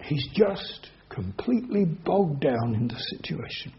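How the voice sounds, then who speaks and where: Husky high-voiced male preacher, lo-fi. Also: big pitch swings, unhurried, few pauses. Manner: reads scripture aloud then explains it, swinging between soft and emphatic. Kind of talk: expository sermon on scripture.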